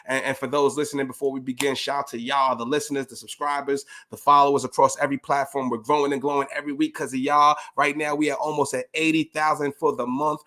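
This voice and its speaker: A man's voice: mid-range voice, level tone, quick pace, hardly any pauses, sharp tone. A man hosting a podcast over a video call, talking in a laid-back, hyped way and laughing often. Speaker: podcast host. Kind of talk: casual podcast chat.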